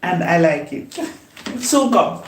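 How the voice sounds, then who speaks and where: A woman vlogger chatting casually while she cooks, unhurried, laughing often and talking herself up. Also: on the low side, big pitch swings, slight background noise. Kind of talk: casual chat while cooking. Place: home kitchen. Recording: roomy echo.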